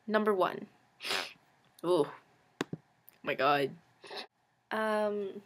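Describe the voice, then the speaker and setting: A woman's voice: medium pitch, slow pace, pauses often, a bit bright. Chatty teen girl saying "like" constantly. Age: late teens. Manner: says "like" constantly, rambling, self-deprecating; frank, sarcastic asides. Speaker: vlogger. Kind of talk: casual confessional monologue.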